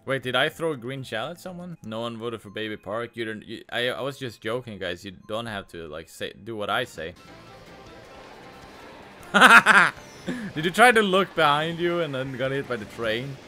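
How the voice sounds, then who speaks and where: A man streaming a racing game, reacting out loud with yelps, groans and laughs as he plays. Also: mid-range voice, sing-song, moderate pace, soft background music. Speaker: gaming streamer. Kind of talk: live game commentary.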